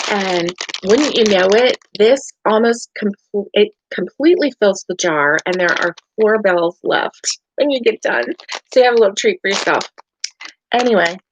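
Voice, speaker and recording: A woman's voice: medium pitch, dry recording. A middle-aged woman with a Southern US accent, hosting a casual live crochet chat at home, rambling and tired, with many fillers. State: tired and yawning. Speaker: crochet livestream host. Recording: dry, dull lo-fi home stream.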